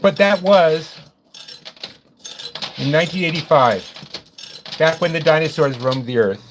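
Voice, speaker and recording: A man in his sixties from New York talks casually and in a somewhat high voice. He wanders off track and corrects himself mid-sentence as he goes. Steady noise runs under his voice. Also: measured pace. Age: 60s. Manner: rambling, self-correcting storyteller. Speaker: host. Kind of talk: casual chat.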